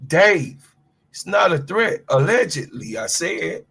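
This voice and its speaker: Fired-up husky middle-aged male host. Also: high-pitched, lively intonation, slow pace, a bit bright. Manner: fired-up, blunt, swears freely; talks to his chat and co-host. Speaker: sports show host. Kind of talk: heated livestream rant.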